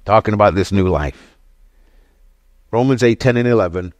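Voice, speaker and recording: A middle-aged man preaching a sermon with emphasis, dropping to low murmurs and rising to raised exclamations while asking the congregation question after question. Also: moderate pace, long pauses, darkish tone, no echo, clean studio sound. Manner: asks the congregation questions again and again. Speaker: pastor.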